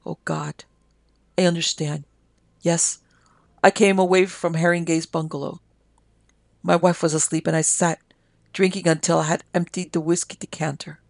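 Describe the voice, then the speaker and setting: A reader voicing a delirious army major who raves and pleads in a feverish confession, with a gravelly edge. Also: mid-range voice, little pitch movement, moderate pace, no echo, close to an everyday voice. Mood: terrified, pleading. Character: delirious army major, guilt-ridden man.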